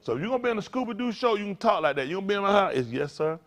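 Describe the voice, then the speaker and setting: An older man preaching to a congregation, in a folksy, playful way with sudden loud bursts. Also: sits high, big pitch swings, racing. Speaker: pastor.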